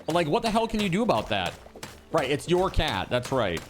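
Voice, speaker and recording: Over music, a man with a fairly high pitch talks a little fast while streaming from home. Animated and incredulous, he reacts to his viewers in casual live-stream chat and lets the odd swear word slip.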